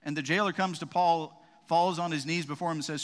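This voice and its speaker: A man's voice: fairly high pitch, steady tone, fairly quick. A man preaching a sermon as a pastor, in a conversational style with frequent "right?" asides and restarts. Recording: long reverb of a large hall.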